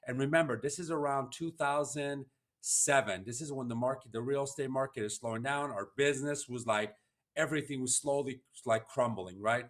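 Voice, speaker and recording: A man's voice: mid-range voice, normal speed, a bit bright. A man hosting a podcast, telling a personal story in an earnest, emotional, heartfelt way. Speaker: podcast host.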